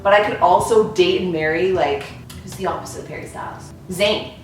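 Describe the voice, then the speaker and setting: A young woman in her twenties hosting a casual chat with her sister, giggly and animated in her storytelling. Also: fairly low pitch, fairly quick, far from the mic. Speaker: channel host. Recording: roomy echo, off-mic, faint hiss.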